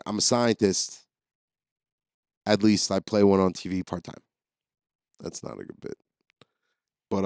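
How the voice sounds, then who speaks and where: A man's voice: lowish voice, a little mellow, no echo, clean studio sound. A man hosting a podcast, telling rambling, profane, jokey stories as a comedic solo monologue. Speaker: podcast host.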